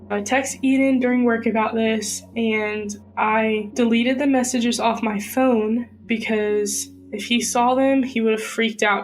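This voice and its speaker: A woman's voice: on the high side, low-quality recording. A young woman earnestly recounting a personal story in a podcast interview.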